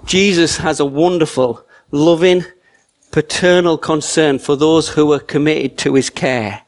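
A man's voice: a little high, steady tone, measured pace. Preacher man, conversational sermon. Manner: conversational, warm storytelling with frequent restarts. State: choked with emotion.

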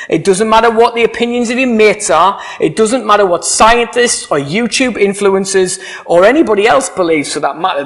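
A man preaching a sermon, earnest and emphatic, often putting rhetorical questions to his listeners. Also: sits high.

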